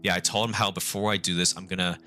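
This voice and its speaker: A young man speaks on a live stream in a fairly low, bright, forward voice. He halts, repeats himself and swears, aiming for a calm, measured tone. Faint music plays behind him. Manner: halting, remorseful, repeats and restarts; swears often. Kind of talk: casual live-stream talk.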